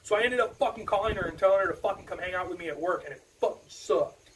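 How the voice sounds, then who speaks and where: Man, podcast co-host, profane storyteller, slightly high voice, off-mic, faint hiss. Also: fast talker. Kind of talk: casual podcast chat. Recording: distant mic with faint noise.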